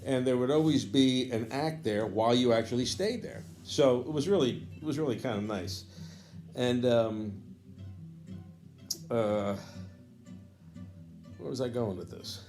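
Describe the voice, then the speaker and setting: A man's voice: mid-range voice, measured pace, pauses often, a little mellow, faint music behind. A man and jazz educator telling a casual, rambling story, losing his thread and picking it back up with fond asides.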